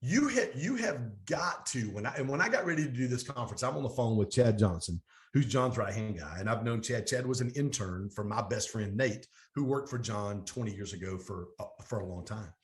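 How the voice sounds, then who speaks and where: A middle-aged man, a business coach and guest on an interview show, telling stories with energy and acting out the quoted talk of others. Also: medium pitch. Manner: energetic, fast storytelling with animated quoted dialogue. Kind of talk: storytelling interview.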